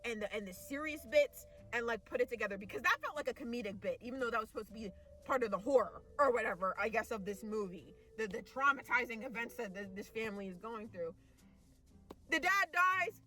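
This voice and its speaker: A woman's voice: high voice, sharp tone. A young woman ranting casually about a movie, exasperated and rambling, full of fillers and restarts, sometimes mocking characters in exaggerated voices. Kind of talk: casual rant.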